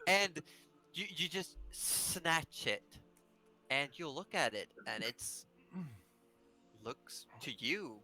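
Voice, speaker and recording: A man's voice: fairly high pitch, expressive, slow pace, long pauses, pushed and bright, faint music behind, low-quality recording. A man running a tabletop game as its game master, narrating in a laid-back, chuckling way over a voice call. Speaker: dungeon master.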